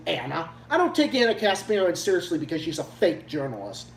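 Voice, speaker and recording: A man's voice: a little high, sing-song, brisk, vocal fry, few pauses. A man from Massachusetts hosting a livestream, ranting in a heated, profane and blunt way. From Massachusetts, USA. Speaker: livestream host. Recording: echoey room, distant mic, faint hum.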